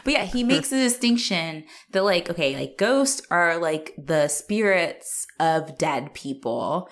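A woman with a somewhat low voice chatting casually about a movie. She talks loosely, full of fillers and swearing. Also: lively intonation, measured pace. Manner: chatty, filler-heavy, profane, laughs often. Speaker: podcast co-host. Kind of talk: casual movie-review chat.

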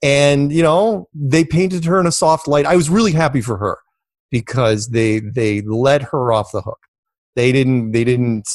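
A man's voice: vocal fry, darkish tone, dry recording. Middle-aged male guest, rambling storyteller, many restarts, dry close sound. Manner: rambling, repeats words, jumps to high pitch in quotes. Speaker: interview guest. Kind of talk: casual storytelling.

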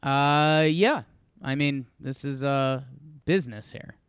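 A young man co-hosting a casual chat, telling stories in an animated, joking way. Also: medium pitch, clear, resonant tone, dry recording. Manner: animated storyteller, jokey, quick asides. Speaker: podcast co-host.

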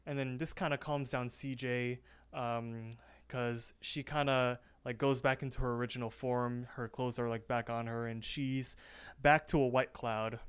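Male co-host, casual recap, smooth clear voice, average pitch. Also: unhurried. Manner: animated storyteller with many fillers. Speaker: podcast co-host.

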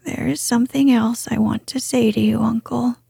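Woman doing a frail old grandmother: faint, breathy whispered role-play. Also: fairly high pitch, steady tone, normal speed, dark tone, dry recording, clean studio sound, full character voice. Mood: pleading.

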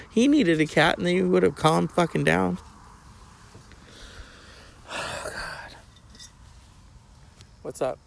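Gravelly, profane middle-aged podcast host. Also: male voice, sits high, darkish tone. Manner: profane, joking, chatting to his cat. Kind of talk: casual rambling monologue.

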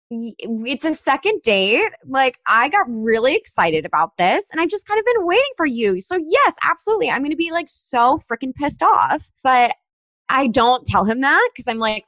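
Young woman gabbing about a bad date, high voice that jumps all over, really dry close sound. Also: normal speed, dry recording. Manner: animated storyteller, acts out texts in quoted voices. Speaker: guest telling a dating story. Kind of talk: casual chat.

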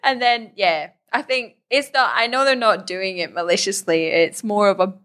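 Young woman, casual interview chat, laughs often, lots of fillers, middle pitch. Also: normal speed, a bit bright. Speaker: Muay Thai fighter, guest.

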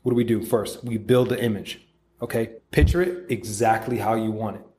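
A man's voice: fairly low pitch, moderate pace, dark tone, slight background noise. A man hosting a podcast, giving a casual, profane motivational monologue and acting out quoted voices. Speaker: podcast host.

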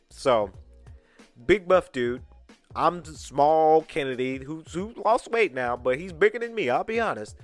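A man's voice: on the high side, a little slow, soft background music. A man from Atlanta hosting a podcast, telling a story in a casual, emphatic way and acting out the dialogue. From Atlanta, USA. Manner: animated, emphatic retelling with quoted dialogue. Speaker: podcast host.

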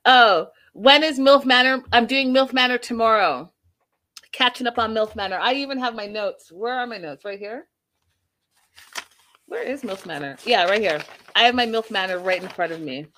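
A young woman hosting a casual live stream, recapping a reality show in a bubbly, giggly, animated way. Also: fairly high pitch, normal speed.

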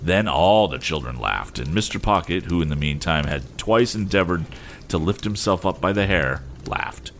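A man narrating a classic novel as an audiobook reader, measured and expressive. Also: low-pitched, a little hiss or hum.

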